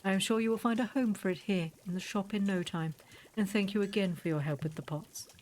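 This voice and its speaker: A woman reading a gentle, formal male tea shop keeper from a video game, in quaintly stilted phrasing. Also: medium pitch, brisk, a little hiss or hum, natural voice. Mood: earnest.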